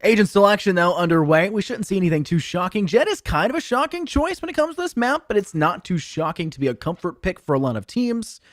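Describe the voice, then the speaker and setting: A young man casting a collegiate esports match, excited and joking, sounding tired. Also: high-pitched, fast talker, hardly any pauses, no echo, studio quality. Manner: excited, jokey, rambling. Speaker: esports caster. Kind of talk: esports commentary.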